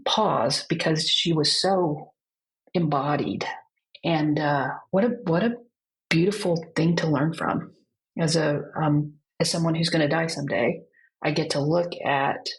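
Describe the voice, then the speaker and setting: Low, gravelly-voiced woman telling gentle stories. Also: poor audio. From United States. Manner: gentle, unhurried storytelling with pauses. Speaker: end-of-life counselor and guest. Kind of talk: reflective podcast conversation.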